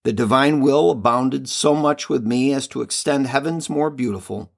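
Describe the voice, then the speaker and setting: A man reading the part of a loving heavenly mother and queen, slow, solemn and tender, in a devotional reading. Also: medium pitch, gravelly, natural voice.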